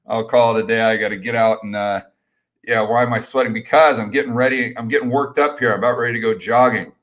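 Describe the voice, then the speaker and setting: A middle-aged man hosting a casual live stream Q&A, talking with energetic, rambling enthusiasm and repeating his words. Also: medium pitch, quick pace. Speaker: host.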